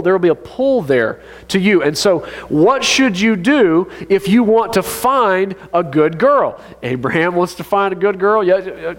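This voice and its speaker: A man preaching a sermon as pastor, animated and joking in a conversational way. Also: high voice. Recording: long reverb of a church hall.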